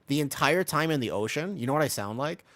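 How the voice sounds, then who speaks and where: A man's voice: on the high side, fast, no room sound. Young guy on a gaming stream, bouncy up and down voice, dry close sound, keys clacking. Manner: rambling storyteller, animated voices when quoting. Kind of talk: casual gaming stream chat.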